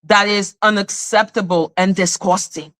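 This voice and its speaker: A woman hosts a live stream and vents in an indignant, profane rant, hammering the same points again and again. Her voice is bright and forceful, with a hard edge on the stressed words. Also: mid-range voice, steady tone, moderate pace. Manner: indignant, profane ranting with repeated phrases. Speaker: livestream host. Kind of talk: heated live commentary. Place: in Canada.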